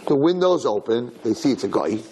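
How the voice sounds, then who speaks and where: A male rabbi telling a story in a sermon, animated and acting out voices, with Hebrew and Yiddish terms mixed in. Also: mid-range voice, brisk, slight background noise, low-quality recording.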